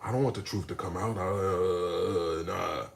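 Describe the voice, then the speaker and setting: A man ranting on a livestream, animated and profane, swinging between low mutters and shouting. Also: measured pace, vocal fry, slight background noise. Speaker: streamer. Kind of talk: livestream rant.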